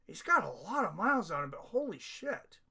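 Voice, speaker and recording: A man's voice: sits high, very animated, fairly quick, pushed and bright, breathy edge. A man hosting a live fight watch-along, chatting casually and reading viewer comments aloud. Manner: reads chat comments aloud, laughs often. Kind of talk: casual live stream chat.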